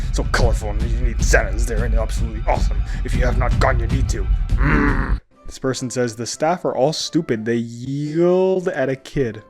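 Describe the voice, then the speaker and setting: A man's voice: mid-range voice, darkish tone. A man giving comedic commentary as he reads funny online reviews aloud, with sarcastic, mock-outraged asides. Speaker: comedy YouTuber reading reviews.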